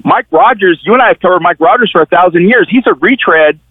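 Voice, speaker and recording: This guest, a middle-aged newspaper columnist, has a gravelly voice that sits high, with lively intonation and a fast delivery. He animatedly tells stories and performs the voices of those he quotes while giving conversational political commentary. The phone line is tinny, without echo.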